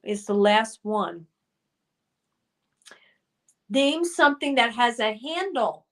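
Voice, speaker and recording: Woman streamer, host, high voice, leisurely pace, casual upbeat comment-reading. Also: animated, slow. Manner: reads viewer comments aloud, chatty and upbeat. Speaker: livestream host.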